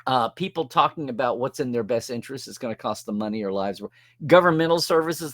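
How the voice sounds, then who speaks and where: Animated rambling male host. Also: on the high side, brisk. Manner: rambling, sarcastic asides, restarts mid-sentence. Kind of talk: casual monologue commentary.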